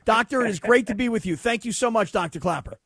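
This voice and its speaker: A man's voice: high-pitched, animated, fast talker, fairly bright tone, dry recording, clean studio sound. A man co-hosting a sports talk radio show, bantering in an upbeat, friendly way.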